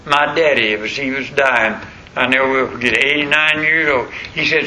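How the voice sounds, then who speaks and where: A man's voice: mid-range voice, steady tone, moderate pace, pushed and bright. An older man preaching a sermon in a folksy, rambling storytelling way. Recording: muffled lo-fi recording with faint noise.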